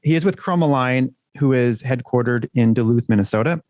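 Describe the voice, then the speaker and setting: A man co-hosts a podcast in easy, joking banter, with plenty of swearing. His voice sits at an ordinary middle pitch, and the close mic leaves the sound dry. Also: fairly quick, darkish tone, no echo. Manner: chatty, joking, swears freely. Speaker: podcast co-host.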